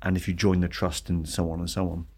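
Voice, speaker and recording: A man's voice: low-pitched, flat delivery, fast, a little mellow. A man being interviewed as an education leader, speaking in a reflective, anecdotal way. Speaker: school trust leader, guest. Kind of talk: conversational interview.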